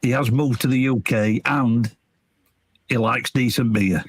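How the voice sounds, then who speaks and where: A man, co-hosting a casual podcast, who talks haltingly and restarts his sentences. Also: mid-range voice, fairly even intonation. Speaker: podcast co-host. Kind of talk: casual chat.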